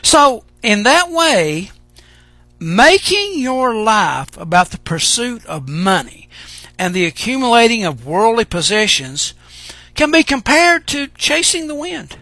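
A man preaching a sermon, speaking emphatically and pausing for drama. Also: extremely high pitch, sing-song, bright, forceful tone, dry recording, faint music behind. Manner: dramatic pauses and emphatic delivery.

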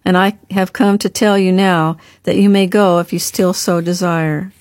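A woman reading the part of a gentle older brother in an audiobook, speaking calmly and softly. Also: high-pitched, moderate pace, dry recording, studio quality, close to an everyday voice. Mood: soothing. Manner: gentle, calm, softly reassuring. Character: gentle grown man, a caring older brother.

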